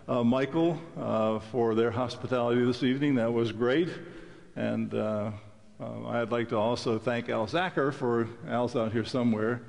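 An older man gives a folksy, joking public lecture as a visiting professor. His voice has a gravelly edge and sits at an average pitch for a man. The long reverb of a lecture hall trails every phrase. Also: darkish tone. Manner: folksy, joking, loose with fillers. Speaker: guest lecturer, economics professor.

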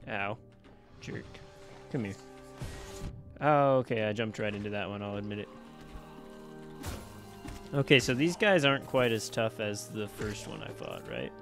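A man's voice: lowish voice, very animated, creaky, over music. Chatty man narrating his gameplay. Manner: chatty, talks to on-screen enemies, quick exclamations. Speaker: let's play gamer. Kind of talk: casual gameplay commentary. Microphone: personal desk mic.

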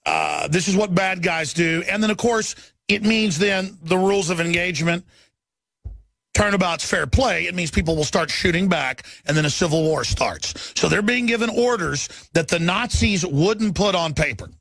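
Furious high-voiced man ranting and shouting. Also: moderate pace, creaky, dry recording. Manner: furious, shouting, scornful tirades; repetitive hammering delivery. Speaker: talk radio host. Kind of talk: impassioned political rant.

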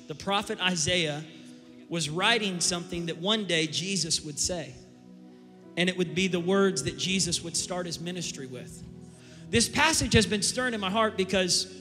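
A man gives a sermon in a large church auditorium, talking in a casual, drawling storytelling way. His voice sits fairly high for a man. The stage microphone carries a long hall reverb, with faint music in the background. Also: pushed and bright. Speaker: pastor.

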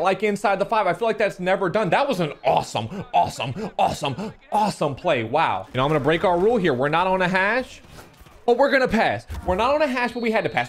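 A young man giving live commentary on his own football video game, animated and chatty with viewers. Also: high-pitched. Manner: excitable, shouts and laughs at big plays, talks to viewers; animated, talks with his hands.

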